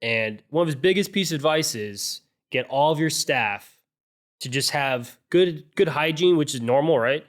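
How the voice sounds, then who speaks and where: A man hosting a conversational interview, chatty and relaxed. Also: a little high, moderate pace. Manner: chatty, relaxed, builds on guest's points. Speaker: podcast host, interviewer.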